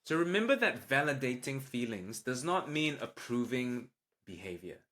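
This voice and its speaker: A man hosting a solo parenting podcast, calmly explaining tips and acting out sample lines a parent might say. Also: mid-range voice, moderate pace. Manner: calm, explanatory, acts out parent lines with a livelier voice. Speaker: podcast host, parenting doctor.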